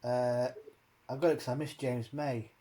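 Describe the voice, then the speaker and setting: A man's voice: mid-range voice, fairly even intonation, moderate pace, mellow. A man hosting a casual chat, rambling and swearing as he rants with many fillers. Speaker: host.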